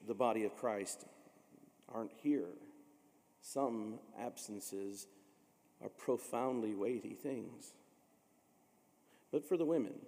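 A man's voice: fairly low pitch, warm tone, long reverb tail. A man from Illinois preaching a sermon, telling stories dramatically and acting out the voices of the people in them. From Illinois, USA. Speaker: pastor.

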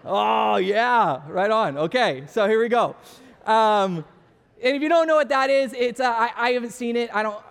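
A man with a high, light voice gives a relaxed, conversational sermon in a church auditorium. He is self-deprecating and jokes with the audience, and the sound trails off in a long reverb from the large hall. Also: normal speed, vocal fry, smooth. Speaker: pastor. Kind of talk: casual sermon with audience questions.

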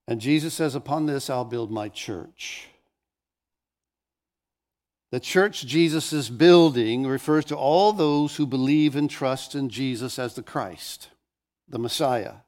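A man's voice: medium pitch, a little mellow. A man pastor preaching a sermon, telling stories with animation and often restarting phrases.

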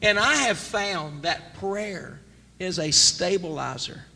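Bright-voiced man preaching in a church hall. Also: sits high, expressive, slow pace, creaky. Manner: emphatic preacher, rising to near-shouts. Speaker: pastor. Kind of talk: sermon. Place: church sanctuary. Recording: church sanctuary with long reverb, faint noise.

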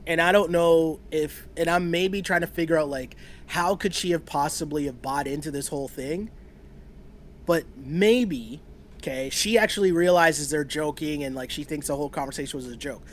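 A man's voice: fairly high pitch, normal speed, slight background noise. A man in his thirties co-hosting a casual chat, rambling through a theory with frequent laughs. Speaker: podcast co-host. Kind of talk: casual chat about a reality show.

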